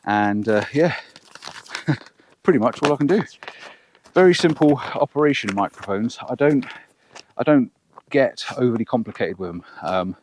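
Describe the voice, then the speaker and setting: A man's voice: mid-range voice, animated, normal speed, pauses often, noisy background. A man testing a wireless lapel mic on an outdoor hillside, chatting and counting aloud and poking fun at himself. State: out of breath. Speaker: vlogger. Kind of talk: outdoor microphone range test vlog. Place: open hillside field with sheep, outdoors. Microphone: wireless lapel mic clipped on, far from camera.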